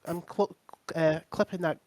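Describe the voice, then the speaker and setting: A man's voice: a little high, steady tone, moderate pace, darkish tone, dry recording. A man co-hosting a casual podcast chat, joking around and plugging his own channel. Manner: jokey, self-promoting. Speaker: podcast co-host.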